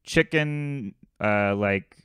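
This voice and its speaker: This male co-host speaks on the low side but animatedly, very slowly, with a slightly bright, smooth tone. He spins a story in laid-back podcast chat, riffing and voicing its characters. There's no echo, just clean studio sound.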